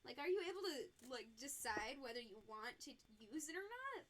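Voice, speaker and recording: A woman's voice: high voice, very animated, a little fast, a bit bright, a little hiss or hum. A young woman with a Michigan accent chatting casually on a live stream while she crafts, giggling often between sentences. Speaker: fursuit maker and streamer.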